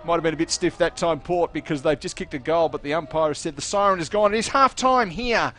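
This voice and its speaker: A man calling a football match on local radio, chatty and jokey, sending greetings to listeners between quick calls of play. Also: fairly high pitch, sharp tone, faint music behind. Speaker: play-by-play commentator. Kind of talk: radio sports commentary.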